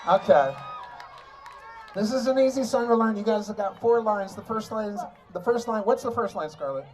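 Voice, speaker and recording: A man's voice: sits high, normal speed, darkish tone. A man fronting a band at a large live concert, singing and bantering playfully with the crowd through a stage mic. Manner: playful, joking crowd work.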